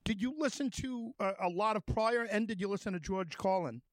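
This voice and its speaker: High-voiced male radio host. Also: no room sound. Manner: rambling, halting with many fillers and restarts. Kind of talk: radio interview.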